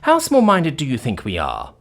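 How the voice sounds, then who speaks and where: A man's voice: a little high, huge pitch swings, normal speed, a bit bright, faint music behind, voice pushed up, full character voice. Valerie, a man voicing a brash mocking ex-CEO woman. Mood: smug lecturing. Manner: sarcastic, theatrical, gleeful. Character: brash witty female ex-CEO, mocking captors. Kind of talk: audiobook character voice.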